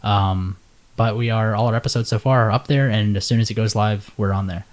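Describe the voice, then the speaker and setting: Talking briskly in a fairly low voice with fairly even intonation, a man co-hosts a podcast. He rambles in a relaxed, casual way and frequently laughs.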